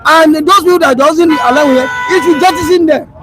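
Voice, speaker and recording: A man's voice: extremely high pitch, fairly quick, music in the background, low-quality recording. A man giving political commentary on a talk show, emphatic, with rhetorical questions and frequent hesitations.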